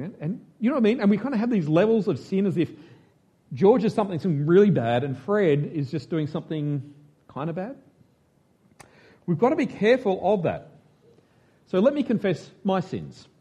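High-ish husky preacher guy, chatty, jokes at his own expense, keeps asking "right?". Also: big pitch swings, normal speed, mellow, highs cut off. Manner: self-mocking, chatty, asks the room questions. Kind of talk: conversational sermon.

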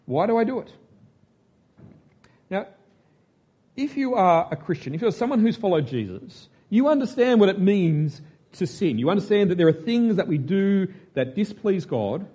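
A male preacher with a husky voice that sits high for a man. He talks in a chatty, self-mocking way and keeps checking in with the room. It comes across as an informal sermon. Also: very animated, moderate pace, mellow. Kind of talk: conversational sermon.

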